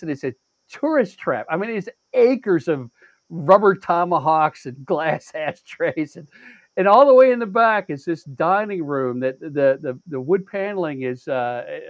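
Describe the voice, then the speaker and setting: Animated, high-voiced man telling a profane story. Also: no echo. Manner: animated, profane, acts out quotes with big pitch jumps; halting restarts and stammered repeats. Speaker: show regular. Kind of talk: casual storytelling chat.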